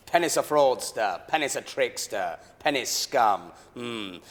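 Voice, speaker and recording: A man's voice: sits high, lively intonation, moderate pace, a bit bright, big-room sound, slight background noise. A man playing a pompous TV host who presides over his guests with theatrical self-importance.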